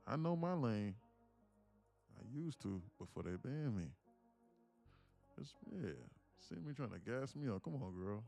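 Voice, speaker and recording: A man's voice: mid-range voice, expressive, unhurried, gravelly, pauses often, dark tone, soft background music. A man live-streaming his day trading, chatting casually and joking while reading viewers' comments. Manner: joking, reads chat aloud, puts on slang voices.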